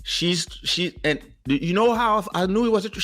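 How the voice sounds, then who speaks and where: A man hosts a casual talk show and tells his stories in a lively, swooping voice. He acts out what other people said along the way. His first language is French. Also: high-pitched, a little fast, soft background music. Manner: animated storyteller, acts out quotes. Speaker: host.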